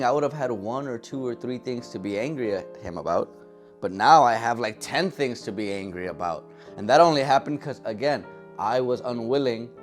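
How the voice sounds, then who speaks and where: A young man telling a personal story in a comic vlog, animated and acting out quotes in different voices. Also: a little high. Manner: animated, acts out his own thoughts and other people in quoted voices.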